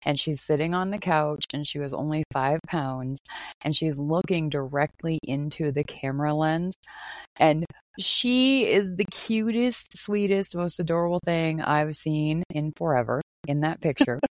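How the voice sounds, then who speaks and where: A woman hosting a casual chat, frank, expressive and playful. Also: deep voice, moderate pace, no room sound. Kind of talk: casual conversation.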